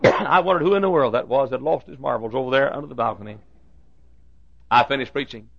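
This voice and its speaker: An older man, a pastor, telling a story from the pulpit with halting restarts and bursts of loud preaching. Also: medium pitch, vocal fry, breathy edge. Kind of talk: sermon storytelling. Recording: dull lo-fi sermon recording.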